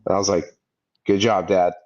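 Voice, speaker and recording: Low-pitched and moderately paced, this thirty-something man's voice comes through a muffled recording. As a podcast co-host in casual conversation, he's an animated storyteller who acts out the people he quotes.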